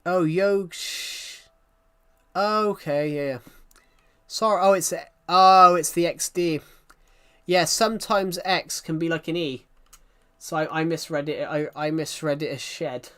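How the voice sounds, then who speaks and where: A British man chatting casually with viewers on his live stream, using a louder, cheerful streaming voice and rambling from one thought to the next. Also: fairly high pitch, smooth. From United Kingdom. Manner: puts on a louder, happier voice for the stream; rambling, chatty, quick to apologize.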